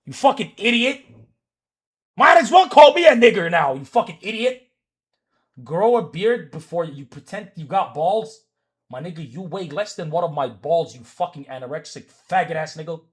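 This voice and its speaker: High, swinging male streamer ranting. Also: expressive, normal speed. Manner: heated, profane ranting at viewers; swears oaths repeatedly. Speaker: livestreamer. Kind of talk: live stream reaction commentary.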